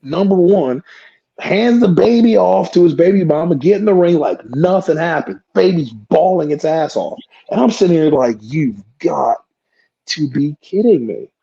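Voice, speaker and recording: A husky, mellow-voiced man who talks fairly high and swings his pitch around, telling a story. He swears freely and acts out what people said. The sound is dull and lo-fi. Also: normal speed. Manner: profane, animated, acts out quotes. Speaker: wrestler guest. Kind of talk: animated storytelling.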